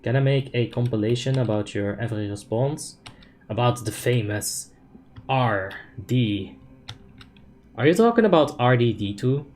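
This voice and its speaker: A man's voice: mid-range voice, expressive, a little slow, a little mellow. A young man casually commenting on his gameplay, reading chat aloud and explaining tactics in a laid-back, filler-heavy way. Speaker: game streamer.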